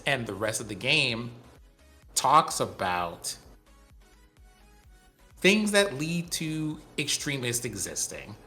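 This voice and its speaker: A man with a mid-range voice and sharp tone co-hosts a tech podcast, chatting casually and explaining things at length with enthusiasm.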